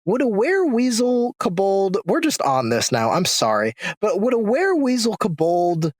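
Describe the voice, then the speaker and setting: A man co-hosting a podcast in casual chat, excitable and swearing freely, his pitch leaping up and down. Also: moderate pace, dry recording, clean studio sound. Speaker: podcast co-host.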